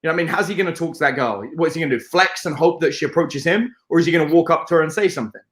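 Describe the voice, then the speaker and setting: In an echoey room, a British man with a distinctly high voice recounts lively tales as a dating coach during an interview, swearing playfully and acting out the scenes himself. He's also racing through his words.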